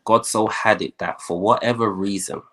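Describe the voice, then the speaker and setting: Young guy, real deep voice, telling his story, does the voices of people he's quoting. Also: normal speed. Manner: animated storyteller, acts out quoted voices. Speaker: guest.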